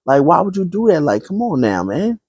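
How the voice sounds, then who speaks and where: A man's voice: fairly high pitch, big pitch swings, a little fast, a little mellow, slightly rough, no echo, lo-fi sound, pitched above the performer's own voice, heavily acted. A man voicing an exasperated adult man who scolds a pilot in a mocking way.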